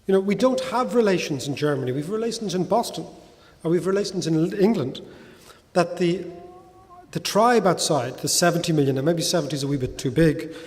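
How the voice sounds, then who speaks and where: A middle-aged man with a Dublin Irish accent, speaking to an audience in a lively, conversational way, peppering points with "right?". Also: fairly high pitch, fairly quick. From Ireland. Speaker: guest speaker. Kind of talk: talk with audience Q&A. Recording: hall reverb.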